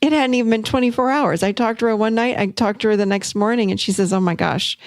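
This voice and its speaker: A middle-aged woman hosting a podcast, telling a coaching story in an upbeat, animated way. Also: fairly high pitch, fast talker, dry recording. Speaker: podcast host and therapist. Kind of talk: solo teaching talk.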